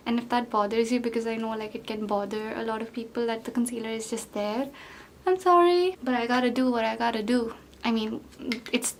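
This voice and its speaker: A woman's voice: on the high side, a little hiss or hum. A young woman vlogger talking through her makeup routine in a rambling, chatty way, full of fillers and self-deprecating asides. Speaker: beauty vlogger. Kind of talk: chatty get-ready-with-me makeup talk.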